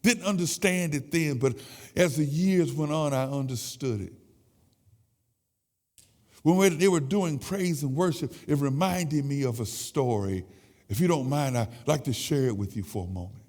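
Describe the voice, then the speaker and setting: A man in his sixties giving an emotional, halting sermon testimony in a church sanctuary. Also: on the high side, a little mellow. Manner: emotional, halting with repeated words. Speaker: church speaker. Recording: echoey church hall.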